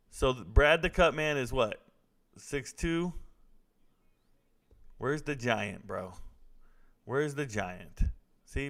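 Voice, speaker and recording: A man casually commenting live on a fight broadcast, reacting excitedly and talking to his chat. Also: medium pitch, vocal fry.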